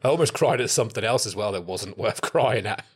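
Husky, lowish-voiced man, self-mocking podcast co-host who laughs a lot. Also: expressive, a little fast. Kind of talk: casual chat.

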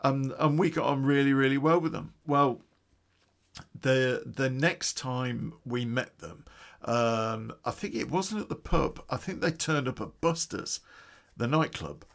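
A man's voice: mid-range voice, measured pace, creaky, a bit bright. A man telling a personal story on a podcast in a casual, profane, conversational way with chuckling asides.

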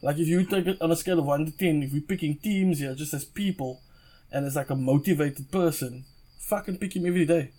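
A young man with a South African accent, a podcast guest telling stories in a loose, animated way, laughing often and swearing freely. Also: a little high, brisk. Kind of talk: casual storytelling.

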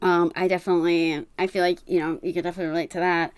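A woman's voice: lowish voice, flat delivery, racing, smooth, no echo. A woman in her twenties with a New Jersey accent, co-hosting a podcast and reading astrology charts aloud, laughing often and stumbling over words. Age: 20s. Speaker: podcast co-host.

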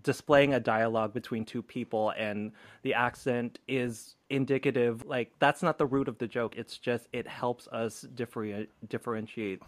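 A man co-hosting a podcast, chatting casually in a relaxed, thoughtful way and laughing easily. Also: mid-range voice, normal speed, hardly any pauses, no echo. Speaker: podcast co-host. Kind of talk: casual chat.

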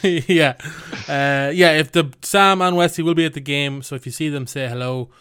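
A man hosting a casual sports talk show, his voice smooth and resonant and sitting a little higher than most. He keeps it relaxed and jokey, steering the talk to each guest in turn. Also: normal speed. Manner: relaxed, jokey, leads the discussion. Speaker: podcast host.

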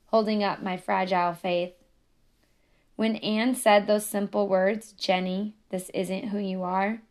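A woman reading her own memoir aloud in an earnest, emotional manner. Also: mid-range voice. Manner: earnest, emotional, building to intensity.

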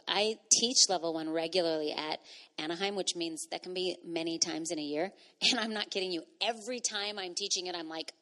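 Woman pastor preaching, hushed to loud. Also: fairly low pitch. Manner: conversational, laughing asides, swings from hushed to loud. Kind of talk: sermon.

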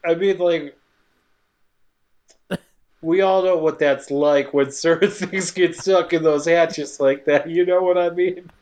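Guy with a high voice goofing around, crude jokes, does little character voices. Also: steady tone, darkish tone. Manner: jokey, crude, acts out characters in quick asides. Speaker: podcast co-host recapping a film. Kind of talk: casual comedic chat.

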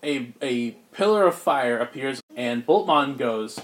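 A man's voice: medium pitch, lively intonation, measured pace, very noisy. Man running a tabletop game, casual. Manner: loose, joking, filler-heavy narration. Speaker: game master.

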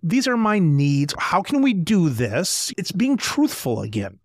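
High, lively-voiced male podcast host. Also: a little slow, no echo, studio quality. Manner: candid anecdotal storytelling. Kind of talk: podcast interview.

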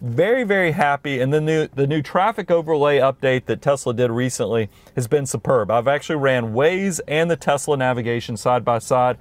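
A man's voice: medium pitch, brisk, hardly any pauses, no echo. Man, southern US accent, middle-aged, enthusiastic, explaining, casual car review chat inside a car. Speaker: podcast co-host.

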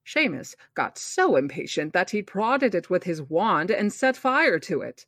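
A woman hosting a book podcast reads a novel aloud in a steady, slightly low voice. She narrates evenly and corrects her small slips as she goes. The recording is dry and close. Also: measured pace, no room sound. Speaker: podcast host reading aloud.

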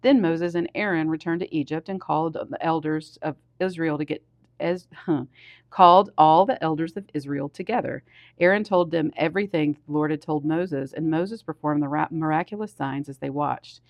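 A man, a pastor, reading scripture aloud steadily with small restarts, and getting louder on the commands. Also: on the high side, normal speed, no echo, dull audio.

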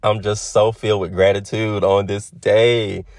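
A man's voice: lowish voice, level tone, a little slow, a little mellow, dry recording, clean studio sound. A man in his twenties hosting his own podcast, talking to his listeners in a heartfelt, reflective monologue. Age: 20s. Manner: heartfelt, addresses listeners as y'all. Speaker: podcast host.

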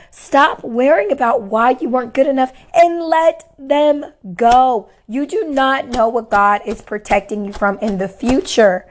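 A woman with a hoarse, worn voice, giving casual faith-based encouragement to viewers and repeating her key lines for emphasis. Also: on the high side, unhurried, few pauses. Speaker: faith-based motivational speaker.

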